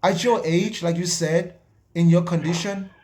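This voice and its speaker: A male host giving earnest, measured advice to a caller and repeating his key phrases. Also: sits high, fairly even intonation, darkish tone.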